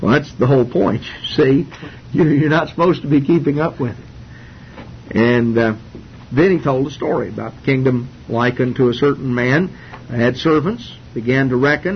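A man teaching through a Bible passage in an informal, folksy way, with frequent fillers and restarts. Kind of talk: informal Bible study sermon. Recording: dull lo-fi recording with faint rumble.

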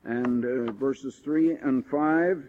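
A man preaching a sermon, reading scripture slowly and rising to stress his points. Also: mid-range voice, dark tone. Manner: emphatic, rising on key points, slows for scripture. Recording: tinny phone-like old recording.

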